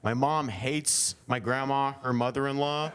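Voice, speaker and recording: A man's voice: medium pitch, steady tone, unhurried, a bit bright, clean tone. A young man from Oklahoma doing an improvised stand-up set at a winery comedy show, rambling with lots of fillers and self-deprecating jokes.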